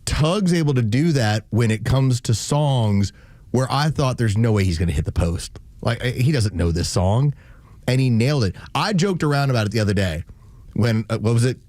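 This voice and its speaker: A man's voice: medium pitch, animated, moderate pace, darkish tone, no room sound. A man co-hosting a morning radio show, telling stories in casual banter and acting out the quotes. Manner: storytelling, acts out quotes. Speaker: radio co-host. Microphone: studio mic.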